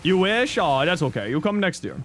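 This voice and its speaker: A man in his thirties chats loosely while streaming a game, joking with chat and swearing mildly. His voice sits a bit high and moves in a lively way, with faint noise behind him. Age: 30s. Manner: loose, joking, answers chat, mild swearing and quick laughs. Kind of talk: casual gaming stream chat.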